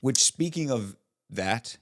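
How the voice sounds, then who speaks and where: A man's voice: medium pitch, animated, slow pace, a bit bright. A young man co-hosting a podcast, rambling with lots of fillers and tossing out playful questions. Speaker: podcast co-host. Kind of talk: casual chat.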